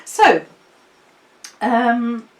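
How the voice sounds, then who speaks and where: A woman's voice: on the high side, expressive, drawn-out words. Chatty woman in an echoey room. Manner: chatty, reads out viewer comments, laughs often. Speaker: sewing pattern designer hosting a live stream. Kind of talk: casual live-stream chat.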